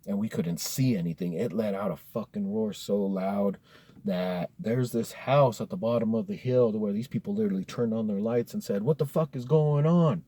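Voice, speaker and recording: A man's voice: fairly low pitch, steady tone, moderate pace, warm tone, no room sound. A man telling a spooky story in a casual, profane, laid-back way, dropping "dude" often.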